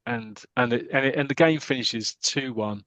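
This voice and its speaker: A man co-hosting a podcast, casually retelling a football comic story and breaking into excited commentary. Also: medium pitch, moderate pace, no echo. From United Kingdom. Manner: animated, jumps into excited commentary voice. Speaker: podcast co-host.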